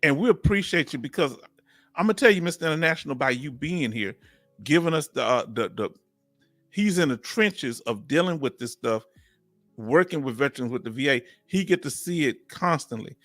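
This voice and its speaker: A middle-aged man hosting a live chat, reading comments aloud and talking warmly and emotionally in casual vernacular. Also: a little high, animated, moderate pace, no room sound, faint music behind. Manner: warm, emotional, talkative, Southern US vernacular. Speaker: livestream host.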